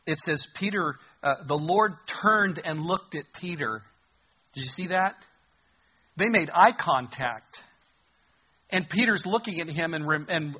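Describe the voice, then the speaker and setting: Husky-voiced man preaching a sermon. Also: a little high, lo-fi sound. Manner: expressive preaching, rising loud for emphasis and dropping soft. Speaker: pastor.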